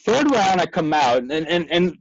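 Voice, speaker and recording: A man in his thirties tells an interview story with excitable, profane energy, tumbling through fillers and quick laughs. His voice sits a little high for a man. The audio is dull and lo-fi, with a very dry sound and no room at all. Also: dry recording. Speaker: guest. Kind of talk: animated storytelling.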